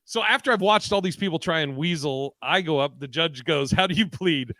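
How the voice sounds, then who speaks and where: A man co-hosts a casual podcast, telling stories and slipping into voices for the people he quotes. His voice sits a little high for a man, and the recording is dry and close. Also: brisk, pushed and bright, dry recording, rough recording. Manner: storytelling, acts out quotes in voices. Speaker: podcast co-host, comedian. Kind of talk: casual chat.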